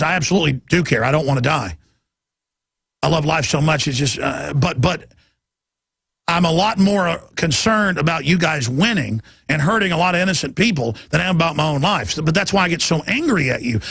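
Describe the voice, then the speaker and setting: Angry middle-aged talk radio host from texas, high gravelly voice, dry close sound. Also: male voice, fairly bright tone, no echo. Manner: heated, ranting, mocks opponents in put-on voices. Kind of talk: impassioned talk radio monologue.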